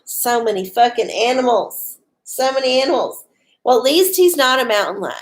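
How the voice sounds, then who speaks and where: A woman's voice: fairly high pitch, lively intonation, normal speed. A woman hosting a casual livestream from home, chatty and profane, often laughing. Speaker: livestream host doing oracle readings. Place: home with dogs.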